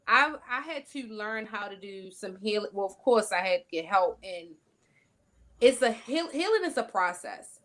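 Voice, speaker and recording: A woman's voice: mid-range voice, lively intonation, fairly bright tone. Casual woman guest from North Carolina. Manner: casual, explanatory, quick quoted asides.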